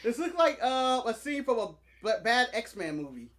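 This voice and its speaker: A young man co-hosts a casual wrestling podcast. He jokes constantly and breaks into laughter often. His voice is lively and swings widely in pitch. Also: moderate pace. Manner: joking, laughs often, animated. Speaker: podcast co-host. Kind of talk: casual chat.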